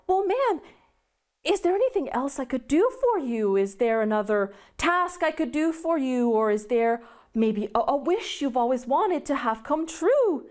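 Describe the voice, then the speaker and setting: A woman's voice: sits high, very animated, measured pace, a little mellow. A woman voicing a polite, helpful young farmhand who speaks in a folksy, courteous way. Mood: eager.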